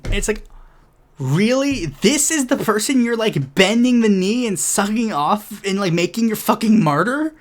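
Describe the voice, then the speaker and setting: A woman's voice: medium pitch, animated, moderate pace. A woman hosting a political commentary show, ranting in a heated, profane way and rambling with many restarts. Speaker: host.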